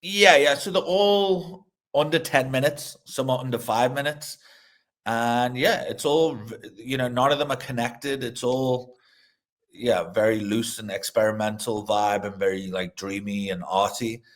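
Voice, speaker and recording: A man's voice: medium pitch, fairly even intonation, measured pace, a bit bright. A middle-aged man, a director and actor, chatting loosely in an interview, swearing freely, restarting sentences and laughing mid-story. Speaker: film director and actor, guest. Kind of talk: casual interview chat.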